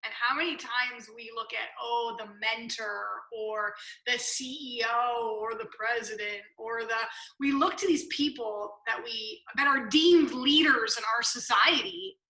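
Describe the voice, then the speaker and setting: A woman's voice: a little high, measured pace, few pauses, sharp tone, roomy sound, poor audio. A woman hosting a podcast, recapping her guest's points with emphasis. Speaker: podcast host. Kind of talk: casual interview chat.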